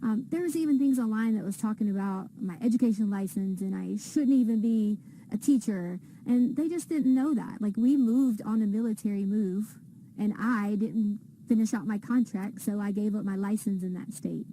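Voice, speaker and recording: A woman's voice: medium pitch, normal speed, mellow, slight background noise, poor audio. A woman in an interview defending her career, hesitant and defensive.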